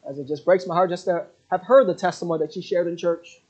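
A man preaching a sermon who tells mission stories in an earnest, halting way, with many fillers. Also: high voice, fairly even intonation, a little mellow. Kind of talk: sermon with storytelling. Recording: dull lo-fi recording.

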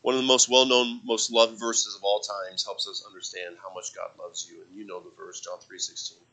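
A man preaching a sermon, swinging from loud impassioned passages to soft, quiet reflection and quoting scripture in old-fashioned wording. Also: fairly low pitch, flat delivery, normal speed, low-quality recording.

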